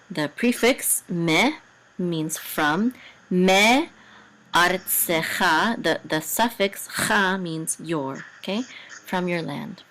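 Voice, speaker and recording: Slow, low-voiced woman teaching. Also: fairly bright tone, rough recording. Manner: patient and methodical, with hesitant fillers and restarts. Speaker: Hebrew and Torah cantillation teacher. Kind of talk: language lesson, sounding out words syllable by syllable.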